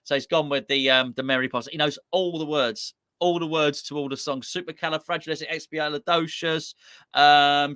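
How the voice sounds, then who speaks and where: Rambling male host, bright and fairly high voice, dry close sound. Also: fairly even intonation, moderate pace, no room sound. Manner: rambling, chatty, self-mocking, reads out viewer comments. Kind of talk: casual live-stream chat.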